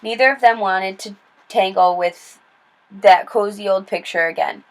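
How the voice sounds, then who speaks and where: A woman reading a children's novel aloud in steady, plain storytelling with small slips and restarts. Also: mid-range voice, a little slow, low-quality recording. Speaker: read-aloud narrator.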